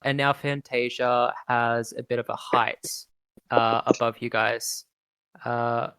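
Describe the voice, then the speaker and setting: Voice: mid-range voice, fairly bright tone, no room sound. A game master narrating a tabletop game in a laid-back, hesitant way with many ums.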